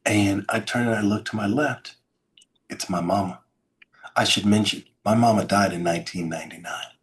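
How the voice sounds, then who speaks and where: A middle-aged man with a fairly low voice speaks at normal speed as an interview guest and keynote speaker sharing his story. He dramatically acts out sounds and quoted lines as he goes.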